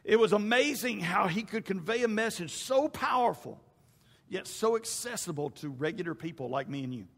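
A man's voice: high-pitched, lively intonation, moderate pace, fairly bright tone. A male pastor preaching a folksy, conversational sermon straight to his congregation. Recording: reverberant hall.

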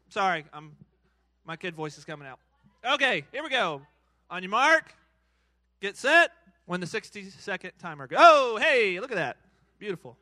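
A man's voice: sits high, very animated, normal speed, pushed and bright, dry recording. A man hosting a live church game for kids and a crowd, playful and hyped, cheering countdowns and teasing the players. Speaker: children's church game host. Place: church hall.

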